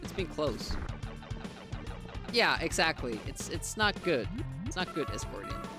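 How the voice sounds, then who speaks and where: Lively game streamer. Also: mid-range voice, unhurried. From Finland. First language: Finnish. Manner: chatty, laughs often, answers chat while playing. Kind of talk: casual live-stream chat while playing. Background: game music.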